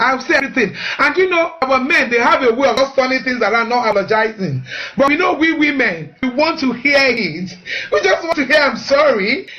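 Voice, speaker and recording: A woman's voice: high voice, a bit bright, highs cut off. A woman hosting a live-streamed marriage advice talk. She speaks earnestly, repeats herself and often asks "you know what?".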